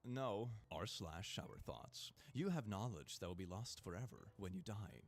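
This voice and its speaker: A man's voice: on the low side, lively intonation, moderate pace. A young man streaming, casually joking as he reacts to clips and reads posts aloud.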